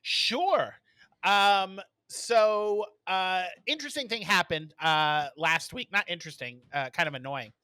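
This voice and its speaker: A man co-hosting a podcast, telling stories in casual chat with lots of ums and quick laughs. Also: sits high, pushed and bright, clean tone, dry recording. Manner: storytelling with many fillers and laughs. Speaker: podcast co-host.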